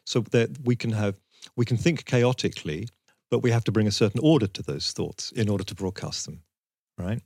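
Low-voiced man musing in casual talk. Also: fairly quick, a little mellow, breathy edge, dry recording, studio quality. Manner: musing, hesitant, teasing. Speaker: podcast co-host. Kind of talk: casual conversation.

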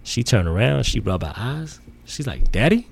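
A middle-aged man from the Bronx, telling a profane, animated story as a podcast guest. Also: lowish voice, normal speed, gravelly, slightly rough. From the Bronx, New York. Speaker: podcast guest, sneaker collector. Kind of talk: casual storytelling in an interview.

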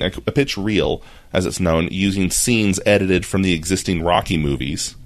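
A man with a low voice co-hosting a casual podcast. He reads out news stories in a relaxed way, with a few ums along the way. The sound is dry and close. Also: no echo. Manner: relaxed, reads out headlines with fillers. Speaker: podcast co-host. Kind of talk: casual chat, reading news items.

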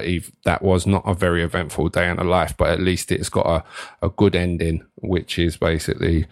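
A young man with a low voice talks through his own podcast in a loose, rambling way. He swears freely and keeps restarting his sentences. The sound is dry and close. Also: gravelly, dry recording. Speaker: podcast host. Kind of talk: casual solo monologue.

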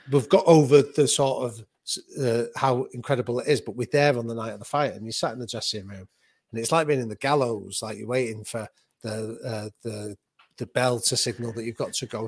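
A man, a boxing coach and author, telling a story in vivid anecdotal detail, with quick restarts as he goes. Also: medium pitch, no room sound. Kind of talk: animated conversational storytelling.

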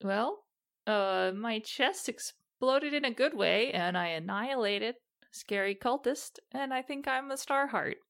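Gravelly woman playing a tabletop character. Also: a little high, expressive, unhurried, fairly bright tone. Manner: rambling, hesitant. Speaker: player. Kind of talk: tabletop role-play, in character.

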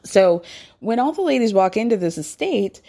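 A woman's voice: mid-range voice, big pitch swings, normal speed, dark tone. A woman casually recapping reality TV, chatty and gossipy, laughing often and acting out quotes. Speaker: podcast host recapping reality TV. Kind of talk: casual chat.

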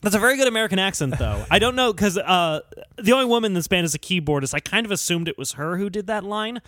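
A man co-hosting a casual comedy music podcast, joking and talking in quick animated bursts. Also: high-pitched, no room sound, clean studio sound. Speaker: podcast co-host.

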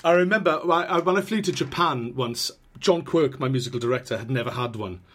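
A man's voice: mid-range voice, expressive, fairly quick. A man co-hosting a podcast, chatting enthusiastically. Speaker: co-host. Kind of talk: casual podcast chat.

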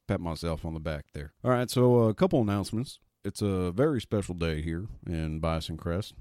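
A man's voice: deep voice, warm tone, no room sound, clean studio sound. A man hosting a comedic radio show as fill-in, rambling and wisecracking. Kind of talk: comedic radio play narration.

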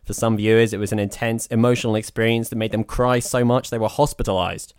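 Male co-host, low voice, deadpan delivery, close and dry sound. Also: fast, smooth, dry recording. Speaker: podcast co-host. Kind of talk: casual chat and scripted intro.

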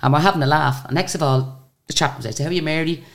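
A woman's voice: low-pitched, rapid-fire. An older woman, a singer, telling chatty stories in a radio interview and acting out the dialogue. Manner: chatty, animated retelling of stories with quoted dialogue. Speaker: guest singer. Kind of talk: radio interview, anecdotal storytelling.

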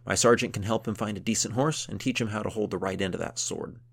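A man voicing a boastful, hot-tempered warrior count who talks loudly and grandly. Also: on the low side, quick pace, creaky, slightly rough. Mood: haughty. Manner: loud, blustering, grandly boastful.

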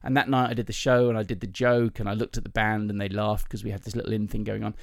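A man tells comic stories from his stand-up life, stopping and restarting with ums as he goes. His voice has a gravelly fry to it. The sound is dry and close, with no room in it. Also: fairly low pitch, little pitch movement, dry recording. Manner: chatty anecdotal storyteller, self-mocking, halting with ums. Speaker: comedian and podcast host. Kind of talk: casual storytelling chat.

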